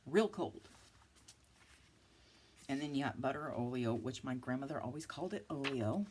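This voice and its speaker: A woman's voice: a bass voice, expressive, normal speed, darkish tone, slightly rough. A woman in her fifties chatting casually through a craft haul, self-mocking and prone to giggly asides. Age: 50s. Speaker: craft vlogger.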